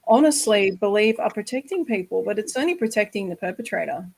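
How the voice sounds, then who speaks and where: A woman's voice: medium pitch, lively intonation, fairly quick, gravelly, a little mellow, low-quality recording. An Australian woman hosting a podcast interview, speaking earnestly and reassuringly, with casual swearing for emphasis. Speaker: podcast host.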